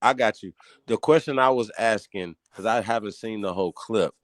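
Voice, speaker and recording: A man hosting a casual podcast, talking in a heated, profane, excitable way and jumping up high in pitch when he gets riled. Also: normal speed, no echo. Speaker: host.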